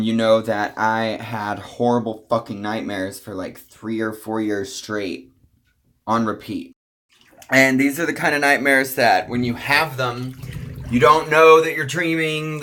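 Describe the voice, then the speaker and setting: A young man vlogging casually, telling a personal story with profane jokes and quick asides. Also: mid-range voice, a bit bright.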